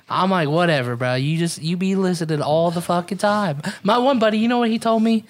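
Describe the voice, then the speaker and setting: A man's voice: sits high, a little fast. A man co-hosting a podcast, talking casually and profanely, often laughing and mimicking friends. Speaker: podcast co-host.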